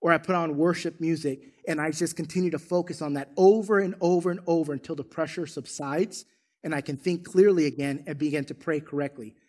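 Animated high-voiced male pastor preaching. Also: a little fast. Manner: energetic, animated storytelling with emphatic declarations. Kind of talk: sermon. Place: church sanctuary.

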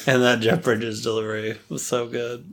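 A woman's voice: rumbling low, level tone, moderate pace. A woman co-hosting a casual chat about a film, chiming in with quips and laughing often. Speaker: podcast co-host.

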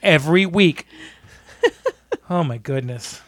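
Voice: mid-range voice, animated, takes it slowly. A podcast co-host chatting casually about a movie with wry, sarcastic remarks and casual swearing. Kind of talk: casual movie-review chat.

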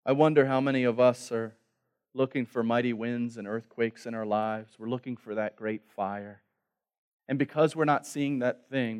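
A male pastor preaching a sermon, dropping to a hushed voice on key words. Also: medium pitch, normal speed, clear, resonant tone.

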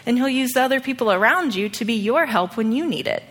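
A woman in her thirties preaches in a relaxed, talky way, often checking in with "okay?" as she tells a story. Her voice sits fairly high, and a long reverb from a large church hall trails after her words. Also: quick pace. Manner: conversational, often asks "okay?". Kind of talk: sermon with a personal story.

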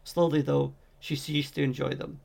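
A man reading a fantasy novel aloud as an amateur audiobook narrator, in a steady, measured way. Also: mid-range voice, vocal fry. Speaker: audiobook reader.

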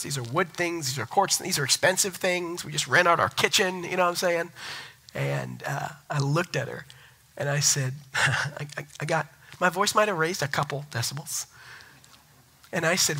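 A man in his thirties delivers a sermon in a very bright, ringing voice sitting a little high. He tells family stories with animated, self-mocking humor between points. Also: brisk, low-quality recording. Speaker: pastor.

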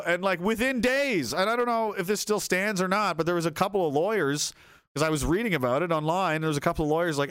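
A man's voice: sits high, fast talker, clear, resonant tone, no echo, clean studio sound. A man hosting a livestream, reading chat comments and ranting casually in a profane, sarcastic way. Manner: profane, sarcastic, animated, slips into mocking voices.

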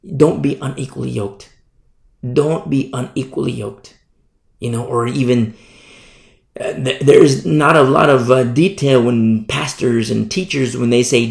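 A male pastor teaching a sermon Bible study, animated and repeating phrases for emphasis, recorded in an echoey room. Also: medium pitch, a little slow, creaky.

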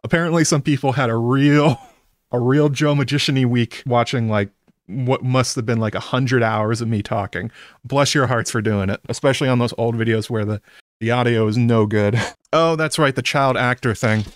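A man's voice: medium pitch, steady tone, moderate pace, no room sound, clean studio sound. A man casually chatting on a live stream, recapping an episode, often breaking off mid-sentence and laughing.

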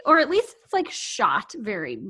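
A middle-aged woman co-hosting a podcast in casual chat, animated and rambling, laughing often. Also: medium pitch, normal speed, husky. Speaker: podcast co-host.

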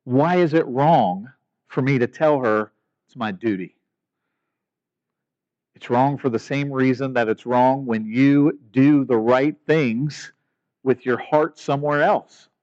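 A man preaching a sermon in a conversational way, asking rhetorical questions and rising to loud, emphatic peaks. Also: mid-range voice, takes it slowly, no echo, muffled recording. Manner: animated, rising to near-shouting emphasis. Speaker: pastor.

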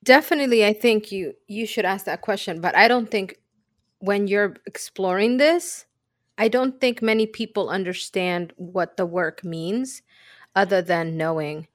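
A woman's voice: mid-range voice, unhurried, no room sound, studio quality. A woman co-hosting a podcast in casual chat, reflective and candid, telling personal stories. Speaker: podcast co-host.

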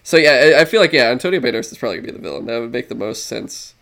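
A man's voice: medium pitch, expressive, rapid-fire, fairly bright tone. A young man co-hosting a casual podcast, rambling, swearing and laughing as he goes. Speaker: podcast co-host. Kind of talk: casual chat.

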